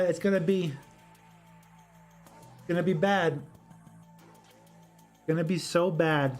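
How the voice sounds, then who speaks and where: A man hosting a solo political commentary livestream, answering chat in an argumentative, rambling way and often repeating himself. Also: sits high.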